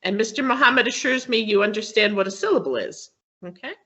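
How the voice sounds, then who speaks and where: Bright-voiced woman teaching over a call. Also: medium pitch, fast talker. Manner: patient, explains step by step with frequent "okay?" checks. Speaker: guest teacher. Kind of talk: online English pronunciation lesson. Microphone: video call. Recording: dull lo-fi video call audio.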